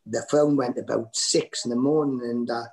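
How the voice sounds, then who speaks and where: A middle-aged Geordie man spins loose, rambling anecdotes, full of ums and false starts. His voice sits at an ordinary middle pitch, relaxed and conversational, like a comedian chatting between jokes. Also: normal speed, low-quality recording. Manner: rambling anecdotes with many fillers and restarts. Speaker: comedian guest. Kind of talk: casual interview storytelling.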